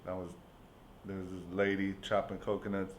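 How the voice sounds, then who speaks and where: A man from San Francisco hosting a casual podcast chat, easygoing and profane, often answering with a quick "yeah". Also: sits low, monotone, a little hiss or hum. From United States, San Francisco. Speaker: podcast host.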